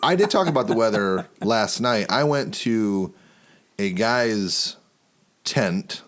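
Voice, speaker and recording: A man from Michigan co-hosting a laid-back podcast, teasing and chuckling as he goes. His pitch swings widely and lively from phrase to phrase. The chat stays friendly and loose. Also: slow. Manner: playful and teasing, laughs a lot. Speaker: podcast co-host.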